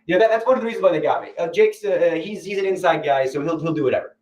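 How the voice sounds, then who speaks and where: A man's voice: rapid-fire, poor audio. A young man telling a rambling personal story as an interview guest, acting out other people's lines. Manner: rambling, animated, acts out quotes in a higher voice. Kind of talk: candid storytelling.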